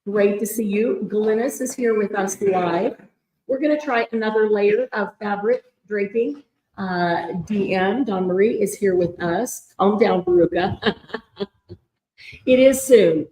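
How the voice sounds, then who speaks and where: At a craft retreat's large, echoey event room, a woman with a mid-range voice and measured pace hosts a live-stream fundraiser sale, chatting excitedly and greeting viewers by name. A fixed room mic draped in fabric captures her, adding a muffled tunnel sound and a little hiss or hum.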